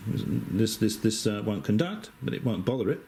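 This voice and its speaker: Aussie bloke, middle-aged, walking through a radio wiring diagram, lowish voice, lots of ums and dry little jokes. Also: male voice, normal speed, creaky, a little hiss or hum. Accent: Australian. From Western Australia. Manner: relaxed, chatty, with frequent hesitations and dry asides. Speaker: amateur radio operator. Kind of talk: casual technical explanation.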